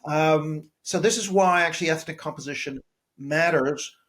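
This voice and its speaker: Male professor guest with a slightly high voice; steady, reasoned explanation with frequent restarts. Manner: measured, analytical, repeats words while building an argument. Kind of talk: podcast interview.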